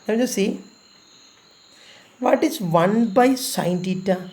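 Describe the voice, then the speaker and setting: A man's voice: high voice, slow pace, darkish tone. A man teaching a recorded math lesson, explaining patiently step by step, repeating himself and pleading with students to practise.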